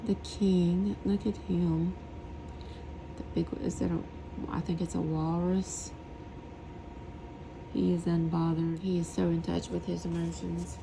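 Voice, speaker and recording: A woman reviewing a tarot deck in a soft, hushed voice, often slipping into whispers and lingering on words as she gushes over the artwork. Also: on the low side, creaky, background noise. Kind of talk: soft-spoken tarot deck flip-through.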